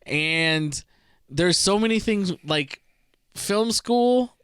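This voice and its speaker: Smooth-voiced man co-hosting a podcast. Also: high-pitched, extremely slow, dry recording, clean studio sound. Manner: relaxed, laughs easily, rambling restarts. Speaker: podcast co-host. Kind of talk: casual chat.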